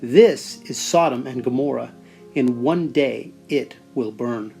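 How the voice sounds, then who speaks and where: A man's voice: medium pitch, takes it slowly, creaky, mellow, faint music behind. A man voicing a grave divine voice from a light. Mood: solemn warning. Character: solemn divine male voice speaking from a light.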